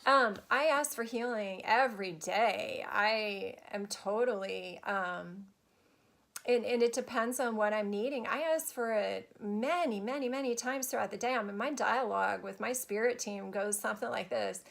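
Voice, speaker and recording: A woman's voice: medium pitch, moderate pace, gravelly, a bit bright. A woman life coach answering viewers' questions on a live stream, chatty and gushing. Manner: chatty and gushing, many restarts.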